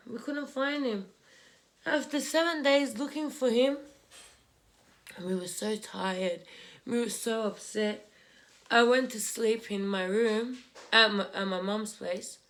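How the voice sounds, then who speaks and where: Young woman vlogger, tearful and halting, a little high-pitched, speaking close to a camera at home. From Australia. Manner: tearful, halting, repeats herself. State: crying. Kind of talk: emotional personal story while doing makeup. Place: home room, indoors.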